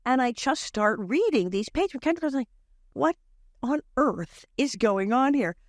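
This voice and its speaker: An older woman, a guest on a podcast, telling lively stories about her past and acting out voices as she quotes people, often laughing. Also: high voice, moderate pace, dry recording, studio quality. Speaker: guest, former child actress. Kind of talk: casual podcast storytelling.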